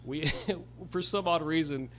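A man's voice: fairly high pitch, unhurried, fairly bright tone, a little hiss or hum. A man co-hosting a podcast, telling laid-back, swear-filled stories in casual chat. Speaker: podcast co-host.

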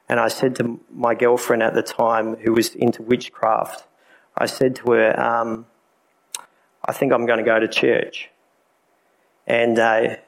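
A man's voice: medium pitch, low-quality recording. A man giving his personal testimony to a church congregation, candid and conversational, with many fillers. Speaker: preacher sharing his testimony.

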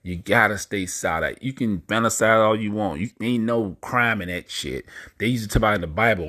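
A man with a very low voice hosts his own podcast, holding forth alone in a loose, rambling monologue. He speaks bluntly and swears freely, turning often to address his listeners directly. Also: animated, normal speed, a bit bright. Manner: blunt, profane, preachy asides to listeners. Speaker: podcast host. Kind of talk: casual monologue.

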